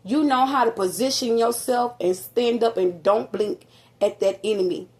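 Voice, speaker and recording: A woman with a grown son, casually telling her viewers a story, rambling and animated with many fillers, in a nearly empty apartment with a slight echo. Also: a little high, normal speed. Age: adult with a grown son. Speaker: vlogger.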